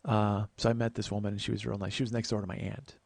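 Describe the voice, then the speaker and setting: A man's voice: on the low side, little pitch movement, quick pace, gravelly, no room sound. A man in his forties telling stories in a casual podcast monologue. He chats freely, swears offhandedly and acts out the people he quotes. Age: 40s. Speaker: podcast host.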